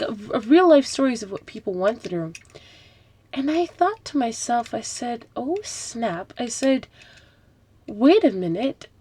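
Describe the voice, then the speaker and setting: A woman's voice: a little high, darkish tone. A woman hosting a live broadcast, talking about faith in a chatty, conversational way, with asides and rhetorical questions. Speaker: host of an Islamic talk broadcast. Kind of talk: casual religious talk. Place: home, packing up with rustling noise.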